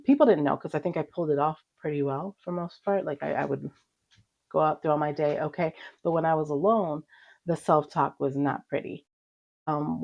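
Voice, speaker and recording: A woman's voice: deep voice, lo-fi sound. A middle-aged woman hosting a podcast, giving casual motivational talk and telling stories in a chatty way full of fillers. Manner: chatty, animated storytelling with frequent fillers. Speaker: podcast host.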